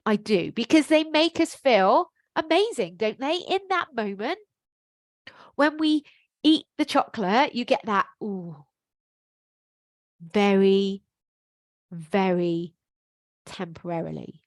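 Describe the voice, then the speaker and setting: A woman's voice: high voice, animated, measured pace, long pauses, no echo. A middle-aged woman, a life coach, giving a frank, emphatic motivational talk to camera with some casual swearing.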